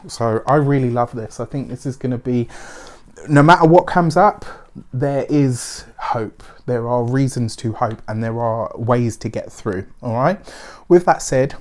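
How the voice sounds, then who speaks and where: Man, tarot reader, weekly reading, chatty, reassuring, middle pitch, asides. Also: a little slow, a little mellow.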